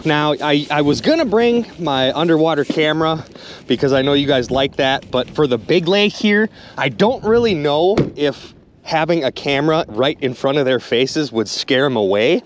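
A man vlogging while ice fishing outdoors on a frozen lake, talking excitedly to his viewers and exclaiming often. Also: fairly high pitch, moderate pace. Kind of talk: excited outdoor vlog narration. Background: wind and outdoor ambience.

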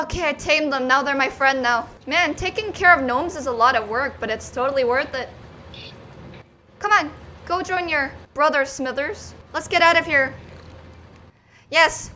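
A woman's voice: high-pitched, pushed and bright, slight background noise. A young woman commenting on a game she is playing, playful, talking to the characters on screen, with sudden yelps. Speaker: gaming commentator. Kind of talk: let's play commentary.

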